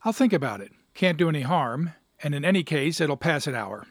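A man's voice: a little high, lively intonation, fairly quick, no room sound. Male reader as a bored, mild young bachelor, dry close voice. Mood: weary. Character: bored young bachelor, weary then eager.

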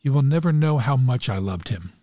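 A cool, scheming mistress speaks quietly and evenly, never losing her composure, as a male storyteller voices her. The delivery stays contained and a little cold. The recording is dry and close. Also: mid-range voice, expressive, fairly quick, no echo, close to an everyday voice. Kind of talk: read-aloud story dialogue.

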